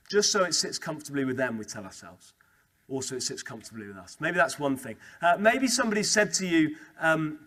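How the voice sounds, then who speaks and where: A young man giving a lively, conversational talk to a student Christian group, repeating key phrases for emphasis. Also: a little high. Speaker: speaker at a student Christian Union meeting. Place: student meeting room.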